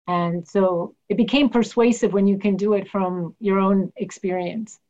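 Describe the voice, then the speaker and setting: A woman's voice: mid-range voice, fairly even intonation, unhurried, few pauses, darkish tone, highs cut off. A woman interview guest telling field stories with animation, acting out the people she quotes. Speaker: guest, public health worker. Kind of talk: interview storytelling.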